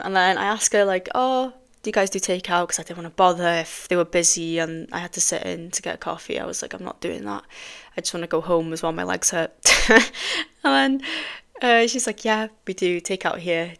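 A woman hosting a podcast, telling a personal story in a chatty, animated way with frequent ums and casual swearing. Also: lowish voice, clean tone. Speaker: podcast host.

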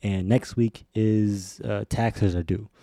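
A man hosting a podcast in relaxed casual chat, often restarting his sentences. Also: fairly low pitch, takes it slowly, no room sound, clean studio sound. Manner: laid-back, hesitant restarts, frequent backchannel. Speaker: podcast host.

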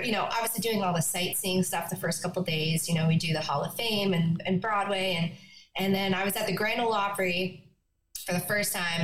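A young woman from Newfoundland, Canada, guest on an interview podcast, telling her story in a lively, chatty way with quick asides. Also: mid-range voice. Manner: animated, laughing, quick asides. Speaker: guest, country singer-songwriter. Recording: echoey room, faint noise.

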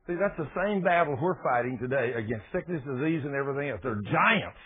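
Animated folksy preacher over tinny radio. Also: male voice, medium pitch, brisk. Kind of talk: sermon. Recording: tinny phone-like radio broadcast.

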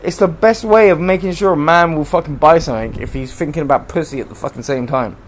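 A man's voice: a little high, quick pace, a little hiss or hum. Profane, rambling man ranting. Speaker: podcast host. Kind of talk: solo podcast rant. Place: room at home.

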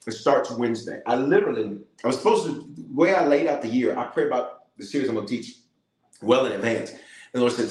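A middle-aged bishop leading a livestreamed prayer, repeating phrases and calling on viewers to respond. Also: male voice, medium pitch, quick pace. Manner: animated preacher, repeats phrases, calls for responses. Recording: roomy echo.

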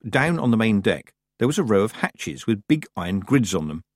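Male audiobook narrator, very lively melodic delivery, mid pitch, dry close recording. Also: normal speed, no room sound. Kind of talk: scripted narration.

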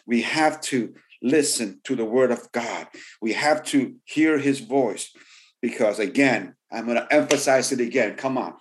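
A man's voice: medium pitch, measured pace. Man preaching a sermon, repeating for emphasis. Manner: repeats phrases for emphasis, rising excitement on key points; frequent "you know" fillers. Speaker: pastor.

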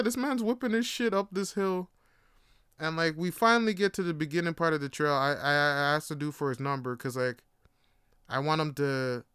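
A man's voice: on the high side, bright, forceful tone, smooth, no echo, clean studio sound. A man from Jamaica telling a personal story in a casual, profane way, laughing and restarting as he goes. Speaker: podcast host.

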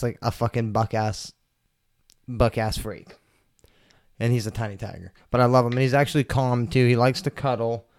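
A man's voice: medium pitch, clear, resonant tone, no room sound, clean studio sound. A man hosting his own podcast from a table at home, rambling and swearing in a laid-back way while he is stoned. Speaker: podcast host. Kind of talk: casual solo podcast chat. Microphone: table mics.

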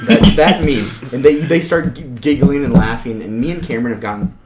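A man's voice: medium pitch, brisk, over a noisy crowd. A young man casually telling work stories on a podcast, acting out the people he quotes. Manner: animated storyteller acting out quotes. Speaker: podcast co-host. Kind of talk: casual storytelling chat. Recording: echoey room with loud noise.

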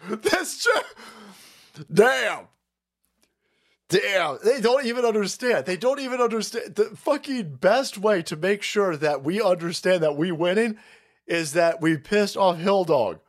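A man's voice: high voice, a little slow. Man ranting profanely on a livestream. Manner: profane, animated, laughing rants. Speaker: livestream host. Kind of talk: ranting political commentary.

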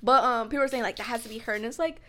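A woman's voice: a little high, rapid-fire. A young woman co-hosting a podcast in casual chat, telling stories full of "like" fillers. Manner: chatty, lots of "like" fillers, animated storytelling. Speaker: podcast co-host.

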